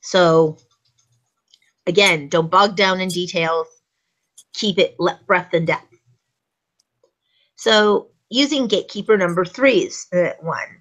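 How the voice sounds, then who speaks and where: A woman's voice: mid-range voice, a bit bright, poor audio. A woman co-hosting a casual talk show, explaining at length and acting out short script examples. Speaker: co-host.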